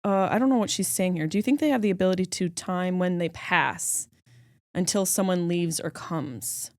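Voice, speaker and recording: A woman host with a lowish voice speaks in a casual interview. She speaks reflectively about personal memories, and the sound is dry and close with no room echo. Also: normal speed, a little mellow. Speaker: podcast host, comedian.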